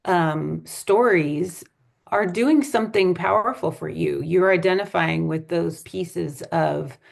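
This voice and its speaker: A woman hosting an interview as a spirit medium, speaking in a thoughtful, affirming and measured way. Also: on the low side, creaky.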